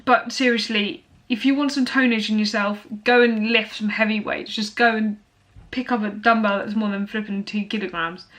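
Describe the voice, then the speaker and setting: A woman's voice: medium pitch, steady tone, moderate pace, fairly bright tone. A young woman talking casually to camera as a fitness vlogger, blunt and motivational, with lots of fillers.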